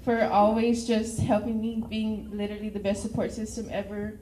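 A woman's voice: medium pitch, flat delivery, moderate pace, background noise. Nervous teenage Texan girl, tearful. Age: teens. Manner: nervous, tearful, laughing between words. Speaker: graduating cheer captain. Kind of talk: emotional thank-you speech. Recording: echoey room.

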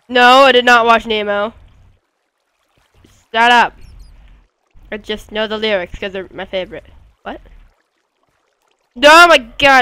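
A woman's voice: a little high, unhurried, long pauses, sharp tone, clear, resonant tone, dry recording. A woman giving casual commentary over her gameplay at home, rambling and goofy with sudden squeals. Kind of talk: casual let's-play commentary. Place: at home beside a friend.

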